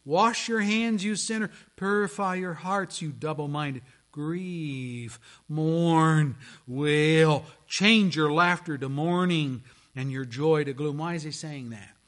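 A man delivers a sermon with a bright, forceful tone pitched a little high. He tells the story dramatically, sinking to near-hushes and rising to strong proclamations. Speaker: pastor.

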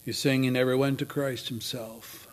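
A man preaching a sermon in a dramatic way, moving from loud emphasis to near whispers. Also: medium pitch, flat delivery, normal speed.

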